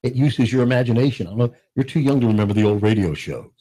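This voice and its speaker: A man's voice: medium pitch, fast, husky. A middle-aged man, a radio station owner, chatting casually as a guest in a radio studio. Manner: animated, jokey, mimics voices. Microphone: studio microphone.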